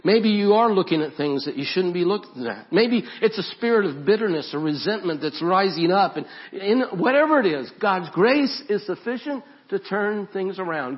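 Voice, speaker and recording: Earnest pastor preaching, lo-fi church audio. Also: male voice, high-pitched, expressive, normal speed, few pauses. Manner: earnest, repeats phrases, drops to a hush in prayer. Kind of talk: sermon and altar-call prayer. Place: church sanctuary.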